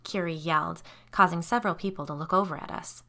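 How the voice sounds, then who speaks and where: A woman hosting a podcast narrates a first-person story at a quick pace, reading expressively and dropping low and soft for the tense parts.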